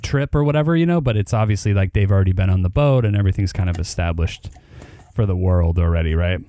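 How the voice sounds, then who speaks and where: An easygoing man chatting casually on a podcast, leaning on filler words as he talks. His voice is mellow and on the dark side, and it sounds dry, with no room echo. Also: low voice, fast talker. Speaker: podcast co-host. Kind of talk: casual chat.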